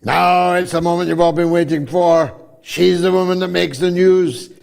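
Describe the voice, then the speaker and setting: An older man hosting a live talk show, speaking emphatically and rhetorically with a slow, deliberate delivery. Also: high voice, fairly even intonation, creaky, darkish tone.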